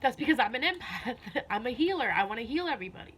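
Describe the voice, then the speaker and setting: Earnest woman with a high voice. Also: very animated, quick pace, fairly bright tone, slight background noise. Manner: earnest, repeats herself, many "you know"s. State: a little emotional. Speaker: spiritual vlogger. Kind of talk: casual heartfelt talk to camera.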